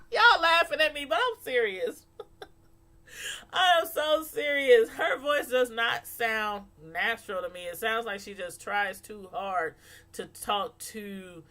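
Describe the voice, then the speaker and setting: Animated and quick to laugh, this woman reviews reality TV on YouTube, talking to camera in African American Vernacular English and doing voices as she goes. Her pitch runs a little high.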